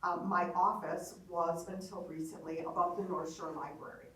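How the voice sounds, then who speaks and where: A woman's voice: lowish voice, steady tone, normal speed, a little hiss or hum. A woman telling a chatty, self-deprecating story about her commute. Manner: chatty, self-deprecating, drops softer at the end. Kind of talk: casual storytelling. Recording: echoey room, mic far off.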